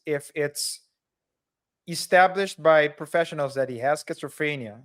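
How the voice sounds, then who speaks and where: Slightly high-voiced man, casual co-host. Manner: joking, halting, restarts his sentences. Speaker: podcast co-host. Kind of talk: casual chat.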